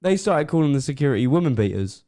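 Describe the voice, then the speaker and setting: A man's voice: fairly high pitch, very animated, fast talker, dark tone. A young man co-hosting a podcast, laughing a lot and chipping in with dry quips. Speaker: podcast co-host. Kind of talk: casual chat.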